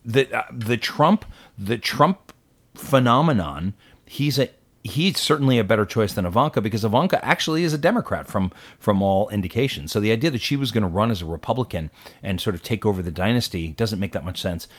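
A man co-hosting a casual political talk show, opinionated and animated, with quick asides. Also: fairly low pitch. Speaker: podcast co-host.

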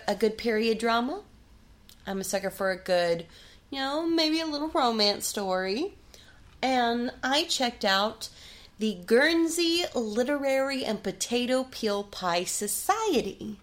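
A woman's voice: a little high, lively intonation, measured pace. A woman co-hosting a podcast in casual chat, dry and teasing with her co-hosts. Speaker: podcast co-host.

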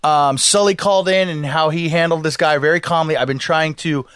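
A man's voice: a little high, fairly quick, smooth, dry recording, clean studio sound. A man co-hosting a podcast, telling a story in casual chat, swearing and acting out the people in it. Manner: animated, swears, acts out voices in his story. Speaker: podcast co-host.

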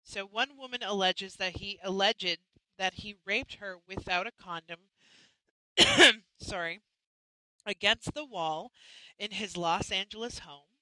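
A woman's voice: mid-range voice, pushed and bright, no echo, poor audio. A woman hosting a live chat show, talking casually and chattily, often restarting and apologizing. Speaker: host.

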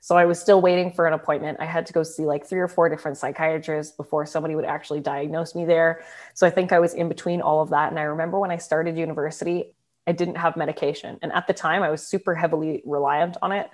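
A woman's voice: deep voice, little pitch movement, fast talker, darkish tone. Chatty young woman telling her story. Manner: chatty, laughs often, quotes herself. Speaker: storyteller sharing personal experience. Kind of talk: casual personal storytelling.

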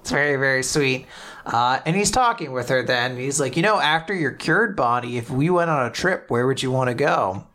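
A man co-hosting a casual chat podcast, recapping a story with lively acted-out quotes and frequent laughter. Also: mid-range voice, normal speed. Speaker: podcast co-host recapping manga.

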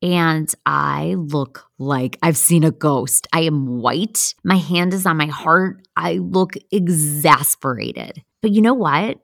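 A middle-aged woman hosts a podcast and tells her own stories in a lively, self-mocking way, acting out the lines she quotes. Her voice sits low and carries a touch of fry. The recording is dry and close. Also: takes it slowly, hardly any pauses, no echo. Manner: animated, self-deprecating, acts out quoted lines. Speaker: podcast host. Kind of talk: casual storytelling.

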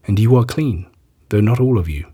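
A man voicing Jesus as a calm, solemn teacher, speaking in a measured way as he reads a gospel story aloud. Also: lowish voice, slightly rough.

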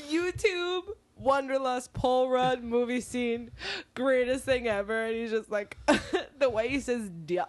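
A woman's voice: a little high, measured pace, few pauses, no room sound. Giggly woman gushing on a podcast. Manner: giggly, gushing, swearing freely. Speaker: podcast co-host. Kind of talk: casual chat. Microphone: close studio mic.

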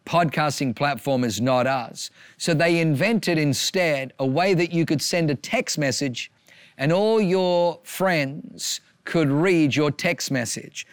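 A man's voice: on the high side, clean tone, no echo, clean studio sound. A man preaching an earnest sermon as a pastor, driving home a repeated refrain with emphasis.

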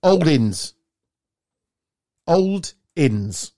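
Playful man hosting a quiz game. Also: drawn-out words. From England. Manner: playful, teasing quizmaster, lively pitch swings. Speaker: podcast host running a quiz game. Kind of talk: casual banter among friends.

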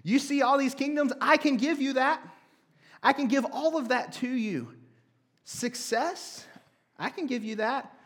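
A man voicing a smooth-talking devil who tempts with offers, his voice raised above his own. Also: very high-pitched, a little slow, a bit bright, pitched above the performer's own voice. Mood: coaxing. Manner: wheedling, offering.

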